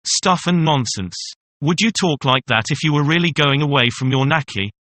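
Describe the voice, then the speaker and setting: A sharp-tongued young mistress who mocks her older lover, read by a man. The voice is bright and clear, with a teasing, scornful edge. It is told as a classic audiobook tale. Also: fairly high pitch, normal speed, no echo, natural voice. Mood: mocking. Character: young woman, mocking kept mistress. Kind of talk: audiobook reading.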